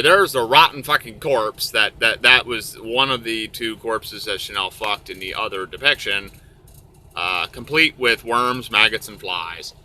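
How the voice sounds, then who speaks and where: A man's voice: medium pitch, bright, forceful tone. A man telling a crude comic story, rambling and profane.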